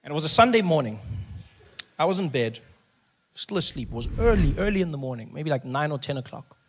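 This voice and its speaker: A stand-up comedian tells his stories with animated energy, often shouting out punchlines. His voice is fairly high. He speaks into a handheld mic on a theater stage, with a faint hum behind him. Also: a little fast, long reverb tail.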